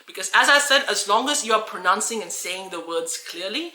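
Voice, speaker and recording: A woman's voice: medium pitch, lively intonation, fairly quick, pushed and bright, roomy sound, poor audio. A woman from Australia who coaches English, talking earnestly and encouragingly to camera with frequent restarts. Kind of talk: talking-head video.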